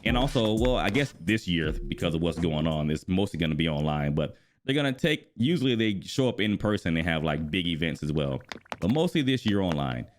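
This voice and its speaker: A man in his thirties casually chatting about a video game while he plays, animated and quick to exclaim. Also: low-pitched. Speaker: gaming YouTuber and streamer. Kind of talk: casual gaming vlog commentary while playing. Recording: music bed playing clearly behind the voice.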